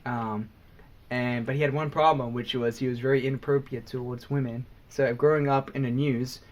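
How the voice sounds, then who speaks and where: A man's voice: mid-range voice, steady tone, normal speed. Joking Australian young man. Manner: joking, laughs often, gets loud when teasing. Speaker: podcast co-host. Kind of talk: casual chat.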